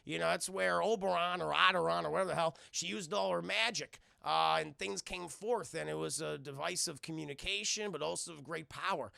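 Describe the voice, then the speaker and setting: Animated, cussing man with a creaky, bright voice. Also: fairly high pitch, a little fast, few pauses, dry recording, studio quality. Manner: profane, animated, addresses chat, laughs often. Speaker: streamer reviewing a cartoon. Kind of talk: casual recap.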